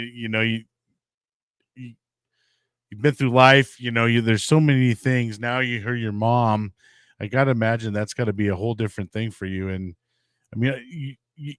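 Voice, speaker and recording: A man's voice: mid-range voice, clean tone, no room sound, clean studio sound. A man hosting an interview podcast, asking rambling questions that stall and restart. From United States. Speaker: podcast host.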